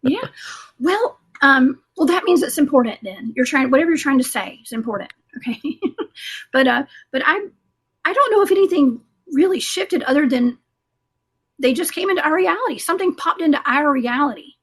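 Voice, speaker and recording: A woman's voice: high-pitched, expressive, moderate pace. A woman guest telling a rambling paranormal story in a casual interview, full of fillers and restarts. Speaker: guest, cryptid investigator.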